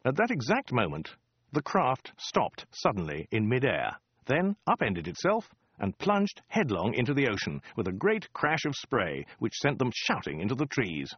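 A man's voice: lowish voice, husky, no room sound, highs cut off. A man narrating a comic science fiction story in a dry, wry storytelling manner. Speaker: audiobook narrator.

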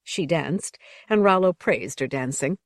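Woman audiobook narrator, low-pitched, measured, dry close sound. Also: expressive, no room sound.

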